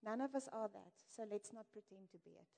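A woman's voice: mid-range voice, a little fast, creaky. A woman giving an earnest, candid sermon in a conversational way, speaking to a church. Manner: earnest, warm-hearted and candid, with light laughs. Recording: echoey hall reverb.

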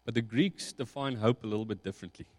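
A man preaching a sermon, slow and reflective, building emphasis on key points. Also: medium pitch. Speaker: pastor. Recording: long hall reverb.

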